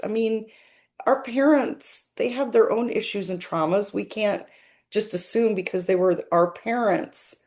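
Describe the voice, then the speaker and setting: Slow, earnest woman medium. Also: mid-range voice, a little mellow. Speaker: spiritual medium. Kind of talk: reflective monologue.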